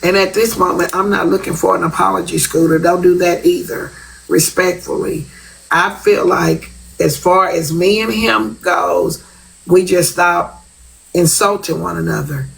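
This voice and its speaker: A woman's voice: lowish voice, fairly even intonation, unhurried, vocal fry, low-quality recording. A woman talking bluntly on a live stream, repeating herself for emphasis. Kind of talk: casual live-stream chat.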